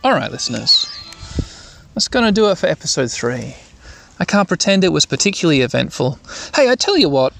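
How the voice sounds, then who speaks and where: A man hosts a relaxed let's-play, rambling about what he sees on screen. His pitch sits a bit high and moves about freely. Faint music plays in the background. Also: a little fast, gravelly. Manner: rambling, easygoing. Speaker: host. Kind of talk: sleepy let's-play commentary.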